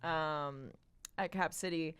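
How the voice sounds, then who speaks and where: Bright, laughing woman co-host. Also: deep voice, takes it slowly, clear, resonant tone. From Boston. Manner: loud, laughing, excitable. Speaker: podcast co-host. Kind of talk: casual comedy chat.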